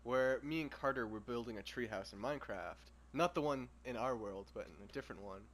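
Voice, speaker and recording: A woman's voice: extremely low pitch, brisk, slight background noise. A young woman chatting casually on a podcast, with short, sarcastic replies. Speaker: podcast co-host. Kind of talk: casual chat.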